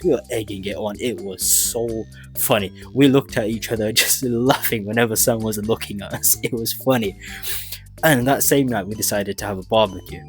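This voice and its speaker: A young man, telling a prank story in a vlog, animated and often laughing. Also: lowish voice, brisk, faint music behind. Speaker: vlogger.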